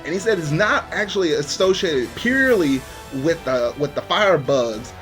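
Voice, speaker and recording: A man's voice: a little high, expressive, normal speed, fairly bright tone, faint music behind. A man casually reviewing an anime episode, rambling with many fillers.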